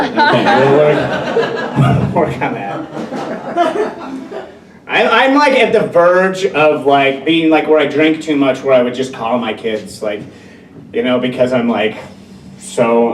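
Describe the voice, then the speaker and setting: A man performing a stand-up comedy set, telling stories and acting out voices in quick bursts. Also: medium pitch. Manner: animated storytelling with acted-out voices. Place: brewery. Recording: roomy bar from a distance, crowd laughter.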